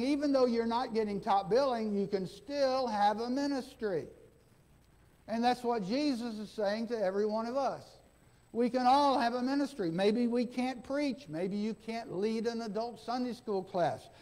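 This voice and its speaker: A male pastor delivers a folksy sermon in a church, his voice sitting notably high for a man. He keeps checking in with the congregation and slips into the speakers he quotes to act out their lines. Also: darkish tone. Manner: folksy, asks the congregation "okay?", acts out quoted dialogue. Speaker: interim pastor. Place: church sanctuary.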